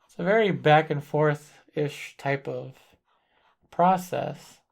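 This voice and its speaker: A man demonstrating a portrait painting as an instructor, calmly thinking aloud while he works. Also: a little high, gravelly. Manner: thinks aloud while working, calm and deliberate.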